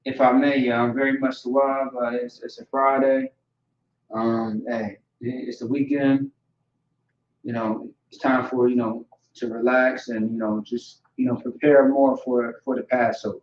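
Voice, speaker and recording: In a casual vocabulary lesson, a language teacher with a level, mid-pitched voice says every term slowly over and over, pausing to check in with "okay" and "all right." The sound is dull and lo-fi, echoing around a roomy space.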